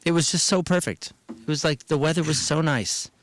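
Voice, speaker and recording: A man in casual radio banter, an animated and enthusiastic storyteller. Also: a little high, normal speed, crowd noise. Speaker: touring musician guest.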